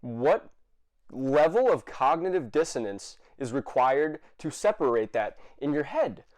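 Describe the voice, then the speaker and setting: A man ranting to camera, exasperated and swearing, with many fillers and restarts and sudden bursts of shouting. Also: mid-range voice, big pitch swings, measured pace. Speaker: vlogger. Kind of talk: angry rant to camera.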